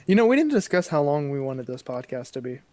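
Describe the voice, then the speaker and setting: A young man co-hosting a casual podcast, joking around in quick, animated bursts. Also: a little high, dry recording. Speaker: podcast co-host. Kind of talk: casual chat.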